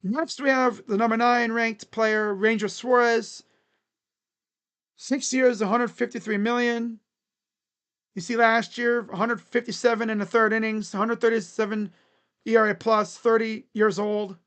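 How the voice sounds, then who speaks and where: Sports live-stream host, casual commentary, jokey, rambling, middle pitch. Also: level tone, unhurried, clear, resonant tone. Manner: jokey, rambling, breaks into shouted bits.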